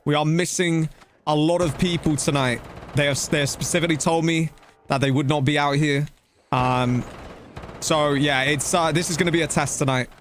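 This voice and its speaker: A young man talks his way through a live game stream, his voice sitting a little high. He chats loosely and casually with his viewers, using easy slang as he plays. A faint ambient hum sits behind him. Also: fairly even intonation, normal speed. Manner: chatty and loose, talking to chat while playing, slangy with "bro" and "dude".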